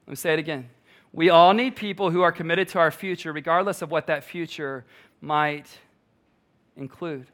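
Male pastor, sermon, bright forceful tone, emphatic, repeats key lines. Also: a little high, moderate pace.

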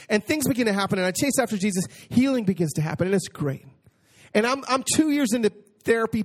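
A man preaching a personal testimony, moving between hushed storytelling and excited exclamation and reading scripture slowly and emphatically. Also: high voice. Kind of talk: sermon testimony.

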